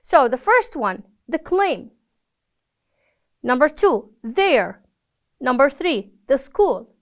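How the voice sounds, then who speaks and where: A woman's voice: high-pitched, very animated, takes it slowly. A woman teaching a recorded English reading lesson, patient and encouraging, praising each answer. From Palestine.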